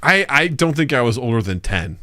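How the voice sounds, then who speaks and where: A man in his forties co-hosting a podcast, telling stories in casual chat and loudly acting out quoted lines between laughs. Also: medium pitch, brisk, no room sound. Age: 40s. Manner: animated storyteller who acts out quotes loudly and laughs often. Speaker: podcast co-host.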